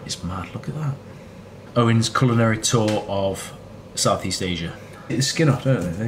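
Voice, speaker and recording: A man with a lowish voice speaks at normal speed as a travel vlogger at a tropical resort. His casual commentary is wry and chatty, full of food-tasting asides, with background ambience noise in the recording.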